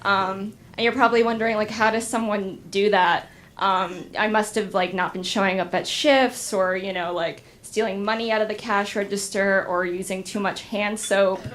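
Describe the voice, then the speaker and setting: A young adult woman performing a stand-up comedy set in a deadpan, hesitant way, with frequent ums. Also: medium pitch, moderate pace, slight background noise. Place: comedy club stage with audience.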